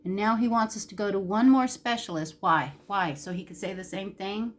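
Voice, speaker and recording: A woman's voice: mid-range voice, moderate pace. A woman beauty vlogger talking candidly while doing her makeup, emotional and close to tears at times. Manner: candid, emotional, chatty with Southern-style "y'all". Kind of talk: casual makeup tutorial chat.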